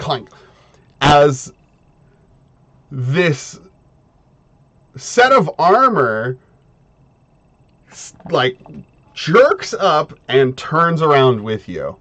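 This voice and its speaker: A man narrating as game master of a tabletop game, talking in halting bits with many fillers and restarts. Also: a little high, a bit bright.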